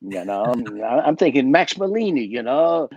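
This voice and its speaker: A man's voice: medium pitch, big pitch swings, moderate pace, darkish tone, slightly rough, dry recording, muffled recording. A man, a guest magician, telling a story in a chatty way, with many fillers, restarts and laughs, heard over a video call. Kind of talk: casual storytelling.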